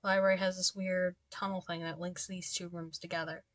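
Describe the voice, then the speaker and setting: A woman's voice: lowish voice, flat delivery, brisk, no echo. A young woman giving casual let's-play commentary, chatty and given to exasperated ranting asides. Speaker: gameplay commentator.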